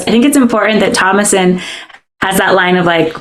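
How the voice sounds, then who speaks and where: Co-host with a mid-range voice offering considered takes in relaxed chat. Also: mid-range voice, moderate pace. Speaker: podcast co-host. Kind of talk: casual film chat.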